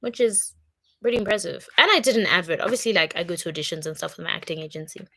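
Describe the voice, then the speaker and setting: A woman's voice: fairly low pitch, quick pace, pushed and bright, dry recording. A young woman from Congo chatting casually and upbeat on a livestream, with plenty of fillers. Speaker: content creator.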